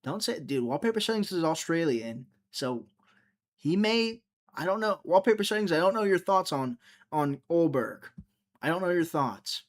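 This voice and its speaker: A man's voice: a little high, expressive, normal speed. Chatty man rambling to his stream chat. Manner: rambling, joking, talking straight to chat. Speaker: livestream host. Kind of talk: casual livestream chat, reading viewer comments.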